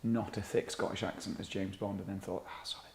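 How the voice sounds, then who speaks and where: A man's voice: deep voice, level tone, brisk, vocal fry, a little mellow, slight background noise. Curious man in an echoey room. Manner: curious, questioning. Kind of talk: casual discussion. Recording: roomy echo.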